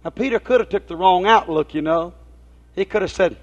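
A man's voice: high voice, animated, fairly quick, breathy edge. A man preaching a folksy sermon, telling homespun stories and asking his listeners rhetorical questions. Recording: dull lo-fi recording.

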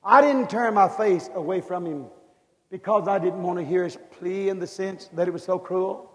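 A preacher voicing God the Father in a softer, lower, sorrowful tone. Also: animated, measured pace. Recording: long hall reverb.

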